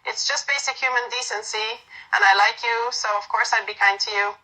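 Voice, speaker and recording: A woman's voice: fairly high pitch, fairly even intonation, normal speed, rough recording. A woman voicing a fond, teasing sweetheart. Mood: tender. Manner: gentle, affectionate teasing. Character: fond, teasing young woman comforting a clingy partner. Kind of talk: romantic audio role-play reading.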